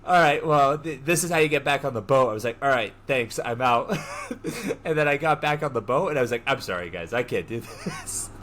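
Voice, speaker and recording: A young man co-hosting a podcast, telling a story in an animated way, laughing and swearing as he goes. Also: on the high side, a little fast. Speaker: podcast co-host. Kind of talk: casual storytelling chat.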